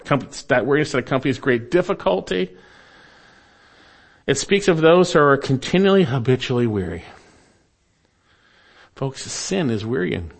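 Earnest male preacher, soft phrase ends. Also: mid-range voice, gravelly. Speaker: pastor. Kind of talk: sermon.

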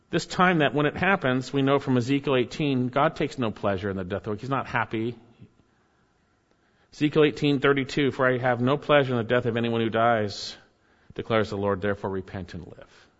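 A man preaching a sermon with earnest emphasis, often dropping his voice low and soft to stress a point. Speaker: pastor. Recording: dull sound with long hall reverb.

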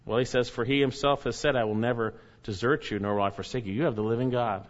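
A man's voice: fairly even intonation, fast talker. Earnest male preacher, slightly muffled recording. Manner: earnest, rising emphatic then dropping soft and low. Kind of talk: sermon with scripture reading.

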